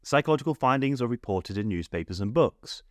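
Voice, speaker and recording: A man, narrating a scripted psychology lesson in a clear, steady, explanatory way. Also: mid-range voice, fairly quick, no room sound, clean studio sound. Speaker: psychology teacher.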